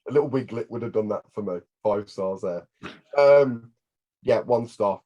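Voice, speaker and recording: A man's voice: on the low side, moderate pace, warm tone, dull audio. A man co-hosting a wrestling review podcast, wry and teasing in casual chat. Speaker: podcast co-host.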